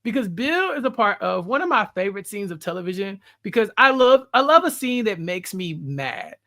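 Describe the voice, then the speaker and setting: Animated woman host with a lively voice. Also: mid-range voice, normal speed. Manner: animated, reenacts scenes and talks back to the show. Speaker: podcast co-host. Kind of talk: casual pop-culture chat.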